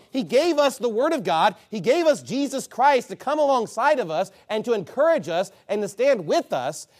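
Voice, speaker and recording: A man preaching a sermon as a pastor, blunt and scolding, swinging between loud emphasis and low asides.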